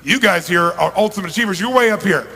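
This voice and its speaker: Male motivational speaker, middle-aged, high voice, emphatic stage delivery, big reverberant hall. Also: quick pace, very noisy. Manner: emphatic, swings from hushed to shouting. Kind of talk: live seminar talk to an audience. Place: large event hall. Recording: long reverb of a large hall.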